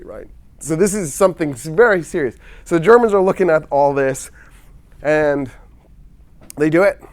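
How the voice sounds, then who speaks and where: Man, slightly high voice, casual history storytelling, acts out quoted dialogue, wry asides.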